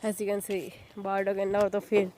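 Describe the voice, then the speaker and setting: A woman casually retelling a fan story, halting often, padding with filler phrases and correcting herself. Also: mid-range voice, completely flat delivery, mellow, slight background noise, rough recording.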